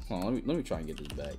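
Casting: young woman gamer host, very low voice, wildly swinging delivery, excitable trash talk over faint music. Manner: excitable trash talk, sudden yelps and shouts. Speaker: gaming channel host. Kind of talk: live gameplay commentary.

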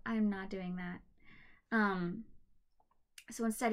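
Casual host, woman, mid-pitched, chatty and self-deprecating, recorded on a computer mic in her bedroom. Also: fairly even intonation, normal speed, long pauses. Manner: rambling, apologetic, self-deprecating. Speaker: channel host reading a novel aloud. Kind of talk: casual chat and book reading. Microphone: computer camera mic.

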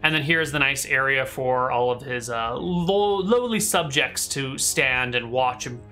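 A man's voice: medium pitch, unhurried, bright, forceful tone, faint music behind. A man narrating a tabletop game as game master, describing scenes casually with many fillers.

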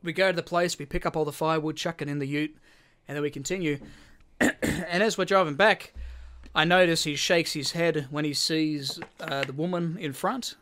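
A man's voice: a little high, fairly even intonation, moderate pace, pushed and bright. An Australian man co-hosting a podcast, casually telling a long story with lots of repeated words and casual swearing. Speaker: podcast co-host.

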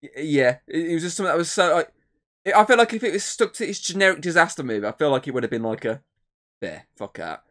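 A man's voice: on the high side, expressive, rapid-fire, fairly bright tone. A man co-hosting a podcast, rambling through a film recap with lots of fillers and swearing. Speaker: podcast co-host. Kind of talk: casual podcast chat.

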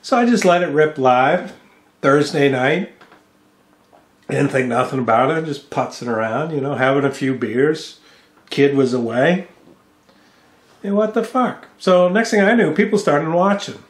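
Animated but a little slow, this slightly high male voice pauses often in an echoey room. He's a US vlogger ranting angrily and profanely in a home vlog, cursing and mocking someone through a studio microphone with a mixing board.

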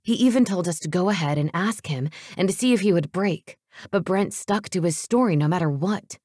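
A woman voicing an anxious, earnest young man who speaks in hushed, urgent tones, in a storybook reading. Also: on the low side, a little fast, no echo, clean studio sound, close to an everyday voice. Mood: somber. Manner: hushed, urgent, fearful whispering.

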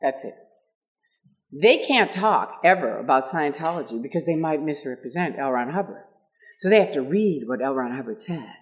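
Older woman, speaker at a meeting, animated storytelling, laughs a lot, very lively pitch, acts out quotes. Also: normal speed. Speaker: speaker at an event. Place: meeting room with audience.

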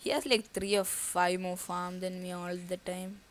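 A woman's voice: fairly low pitch, little pitch movement, measured pace. A woman giving casual live commentary on her own gameplay. She thinks aloud and breaks into nervous outbursts. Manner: casual slangy talk to viewers. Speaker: gaming YouTuber.

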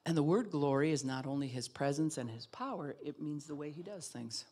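A woman pastor preaching a sermon in an animated way, acting out other people's voices and laughing often. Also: low-pitched, brisk.

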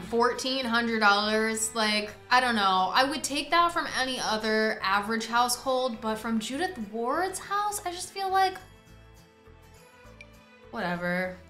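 A woman giving excitable, profane play-by-play commentary on a game, often breaking into laughter. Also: a little high, measured pace, roomy sound. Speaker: gaming streamer. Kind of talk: casual gameplay commentary. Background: faint game music.

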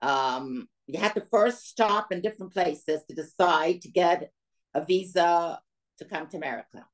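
A woman's voice: lowish voice, moderate pace. Older woman telling her life story. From Soviet Union. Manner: lively storyteller who acts out quoted dialogue. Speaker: guest speaker. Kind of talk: storytelling talk to a women's audience.

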